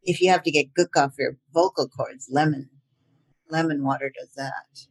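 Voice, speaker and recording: A woman's voice: low-pitched, fairly even intonation, normal speed, breathy edge. An older woman voice actor chatting as an interview guest, laughing often and using many fillers. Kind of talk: casual interview chat.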